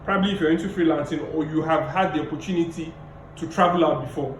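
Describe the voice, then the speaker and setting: A man giving a public speaking lecture over a video call, emphatic and repeating key phrases, deliberately playing his tone up and down. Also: on the high side, echoey room, a little hiss or hum, low-quality recording. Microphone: video call mic.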